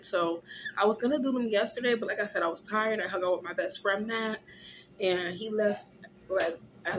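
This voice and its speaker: A groggy, tired young woman, casually chatting in a vlog from a hospital room, often clearing her throat. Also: medium pitch, slight background noise. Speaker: vlogger. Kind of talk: casual vlog chat while eating.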